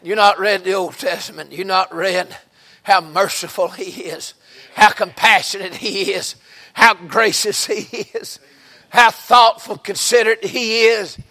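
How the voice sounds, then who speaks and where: A man with a Southern US accent preaching a fervent revival sermon in a church, breaking into sudden shouts and exclamations. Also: sits high, steady tone, unhurried. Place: church sanctuary.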